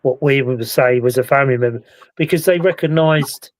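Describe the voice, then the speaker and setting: A man's voice: mid-range voice, fairly quick, no echo, rough recording. Chatty British man, dry close sound. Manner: relaxed, chatty, recounts events at length. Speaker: paranormal investigator and show host. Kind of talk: casual live-stream chat.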